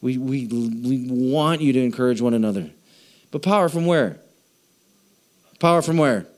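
A man's voice: mid-range voice, moderate pace, a little mellow. A man preaching a sermon as pastor, playful, repeating phrases to draw responses from the congregation.

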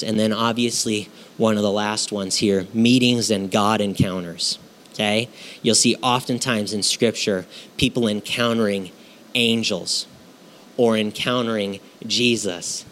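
A man's voice: lowish voice, fairly bright tone, slight background noise. A man preaching a sermon in a conversational way, often checking in with his listeners and acting out scenes. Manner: acts out scenes with sound effects. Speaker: pastor.

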